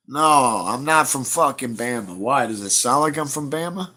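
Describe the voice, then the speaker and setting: A man's voice: mid-range voice, animated, normal speed, few pauses, pushed and bright. A man, chatting casually to viewers on his livestream, blunt and profane as he rambles through stories. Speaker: livestream host.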